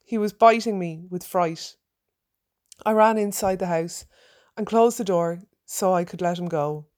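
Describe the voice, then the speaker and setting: Woman reading her own funny story, lively, acts out the shouting bits. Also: fairly low pitch, unhurried.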